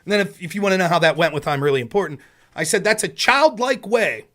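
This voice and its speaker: A man with a high voice delivers a heated political rant on his stream. He is sarcastic and keeps firing questions at his audience. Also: racing, a bit bright. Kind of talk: casual ranting commentary.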